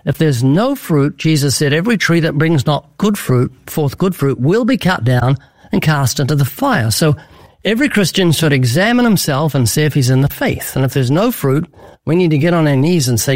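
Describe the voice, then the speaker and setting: A man's voice: on the high side, animated, moderate pace, no room sound. A man answering interview questions in an earnest preaching style, telling vivid stories and acting out quoted lines with emphasis. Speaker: guest evangelist.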